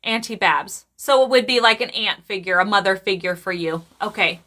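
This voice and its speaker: A woman psychic medium gives live readings to viewers, chatty and animated, with a medium-pitched voice. She often breaks into laughter and tosses quick asides to the chat.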